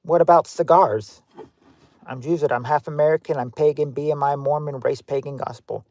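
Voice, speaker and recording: This game show host on a livestream has a slightly high, somewhat mellow voice, fairly even intonation, and a moderate pace, with no echo. Chatty and offhand, he reads out viewers' guesses and greets them by name, often filling gaps and restarting sentences.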